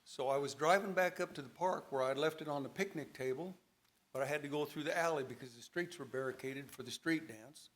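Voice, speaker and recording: A man's voice: fairly high pitch, a little fast, fairly bright tone. A man telling his personal testimony at a church service, dramatic storytelling with a voice that rises and falls with emotion. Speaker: church member giving testimony.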